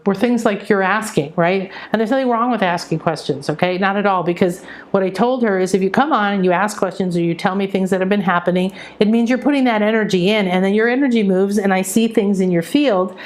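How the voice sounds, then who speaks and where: Chatty middle-aged woman, spiritual coach. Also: medium pitch. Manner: rambling, warm-hearted storytelling with many restarts and "right?" asides; excitable, breaks into exclamations of wonder. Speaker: intuitive reader and spiritual coach. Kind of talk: casual spiritual teaching monologue.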